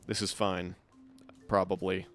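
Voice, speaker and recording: A man's voice: sits low, level tone, measured pace, fairly bright tone, soft background music. A man casually commenting on his gameplay during a live stream, wry and swearing when startled.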